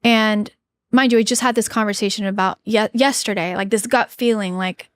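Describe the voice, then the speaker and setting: A woman in her thirties, a podcast guest telling a personal story in an earnest, halting way, with many fillers and restarts. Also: medium pitch, fairly even intonation, clear, resonant tone, dry recording. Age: 30s. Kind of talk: candid interview storytelling.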